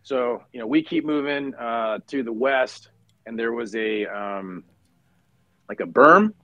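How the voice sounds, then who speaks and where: A man's voice: medium pitch, takes it slowly, fairly bright tone, no echo, dull audio. A middle-aged man, a retired Marine officer, telling a battle story in casual conversation, full of fillers and restarts.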